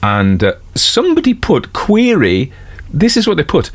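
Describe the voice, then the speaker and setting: A man's voice: a little high, huge pitch swings, moderate pace, few pauses. A man with a Geordie accent, an audiobook narrator talking casually about a detective series in a rambling, self-deprecating way with many fillers and asides. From North East England. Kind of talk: casual spoken commentary.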